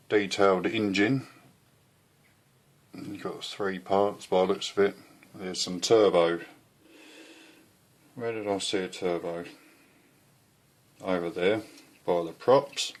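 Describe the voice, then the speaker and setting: A man's voice: low-pitched, steady tone, slow pace, long pauses. A man reviewing a model kit in a chatty, rambling way at home. He is a bit out of breath, swears now and then and often loses his thread.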